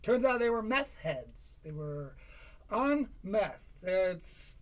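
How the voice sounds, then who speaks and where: A man's voice: high-pitched, sing-song, slow pace. Dry, sarcastic man hosting a stream. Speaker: stream host. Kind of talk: casual reaction commentary.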